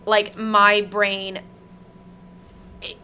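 Bright-voiced indignant woman. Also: medium pitch, monotone, drawn-out words, a little hiss or hum. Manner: emphatic, indignant. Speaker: interviewer. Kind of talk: casual conversation.

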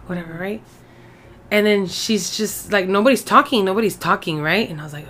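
Woman, from mexico, low voice, casual podcast chat, mixes english and spanish. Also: fast talker, a bit bright, a little hiss or hum. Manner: code-switches between English and Spanish, swears freely. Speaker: podcast co-host.

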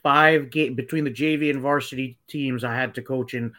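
A man's voice: mid-range voice, fairly even intonation, normal speed, pushed and bright. A young man from New Jersey co-hosting a casual chat show, easygoing and chatty. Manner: easygoing, chatty, says dude. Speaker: co-host.

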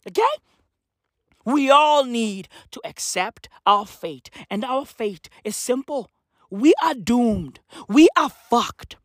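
A comedian delivering a manic, profane rant that swings between shouting and muttering. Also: mid-range voice, lively intonation, slow, no room sound, studio quality.

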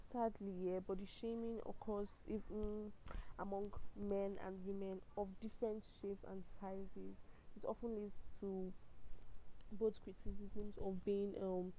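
A woman's voice: mid-range voice, mellow, slight background noise, poor audio. A young woman in her twenties with a Nigerian accent, talking straight to the camera in an impassioned, exclaiming way. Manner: impassioned, exclaiming, ranting with laughs. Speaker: vlogger. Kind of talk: casual direct-to-camera talk.

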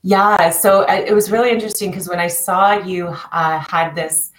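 A woman's voice: lowish voice, steady tone, normal speed, echoey room, a little hiss or hum, rough recording. A woman talking as a podcast guest, telling personal stories in a chatty way with many restarts. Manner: chatty, many restarts, acts out quoted voices. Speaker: guest, coach working with clients. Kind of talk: podcast interview, personal storytelling.

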